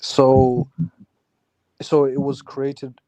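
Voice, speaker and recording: A man hosting a casual livestream discussion from a video call, with a mellow, warm tone. He probes with questions and restates the other speaker's points back. He also slips in jokes as he goes. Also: mid-range voice, completely flat delivery, drawn-out words, dry recording, poor audio. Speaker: livestream host.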